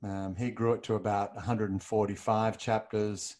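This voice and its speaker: Man, middle-aged, from Australia, low pitch, hesitant, many ums, emotional storytelling, interview guest. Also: level tone, normal speed, darkish tone. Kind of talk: casual storytelling.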